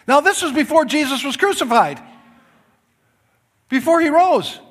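A man preaching a sermon as pastor to a church congregation, swinging from loud emphatic passages to soft quiet asides and joking with the listeners. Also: very high voice, sing-song, unhurried, pauses often, long reverb tail. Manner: jokes with the congregation.

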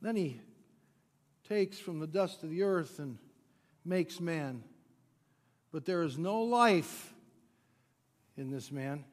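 A male pastor delivering a sermon, swinging from loud emphatic peaks to quiet low drops, with playful asides to the congregation. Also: animated, slow, pauses often. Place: church sanctuary. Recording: long church hall reverb.

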